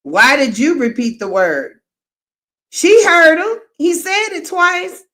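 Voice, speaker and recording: A woman's voice: very high-pitched, expressive, takes it slowly, fairly bright tone. A woman hosting a live reaction commentary, frank and exclaiming, with laughing asides. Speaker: host.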